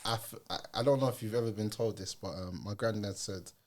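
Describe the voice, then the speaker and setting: A man from England hosting a casual podcast, telling stories with energy and dropping low and soft for serious points. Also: fairly quick. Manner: lively storyteller, drops to a soft low voice for wise points.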